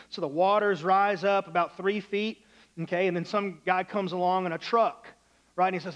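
A man's voice: high voice, fairly even intonation, moderate pace, fairly bright tone, lo-fi sound. A male pastor preaching a sermon in a church, loose and conversational, acting out the voices in his stories.

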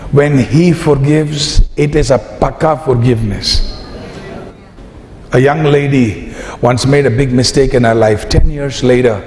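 A man's voice: medium pitch, measured pace, darkish tone, a faint crowd. A man preaching a sermon and acting out the story's dialogue. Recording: echoey hall with faint noise.

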